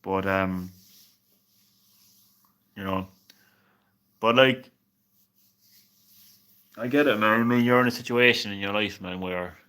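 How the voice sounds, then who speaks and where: A man's voice: lowish voice, slow pace, long pauses, sharp tone, clear, resonant tone. A young man streaming games live, chatting casually and reassuringly with a viewer, peppering his talk with "man" and tripping over repeated words. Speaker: game streamer.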